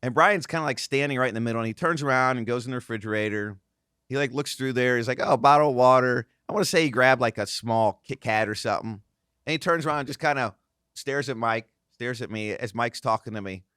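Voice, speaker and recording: A man in his thirties telling a casual, animated story on a podcast, acting out the voices of the people in it. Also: medium pitch, fast, smooth, no echo, clean studio sound. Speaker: guest host, former racing driver.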